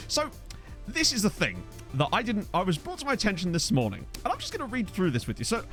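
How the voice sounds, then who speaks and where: Young guy streaming, bouncy animated voice, kinda high, always cracking jokes, faint music behind. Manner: lively, jokey, chatty, reads chat aloud. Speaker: streamer and host. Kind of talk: casual live-stream chat over gameplay.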